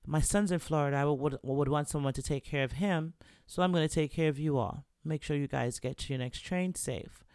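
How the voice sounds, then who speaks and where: A man voicing a proper, kindly older English gentleman in his fifties who helps travelers. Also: on the high side, a little fast, clear, resonant tone, dry recording, studio quality, natural voice. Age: 50s.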